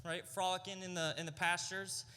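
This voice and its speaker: A man's voice: high-pitched, level tone, normal speed, heavy background noise. A young adult man, a youth pastor, giving a casual, story-driven sermon full of slang and rhetorical "right?" questions. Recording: long hall reverb.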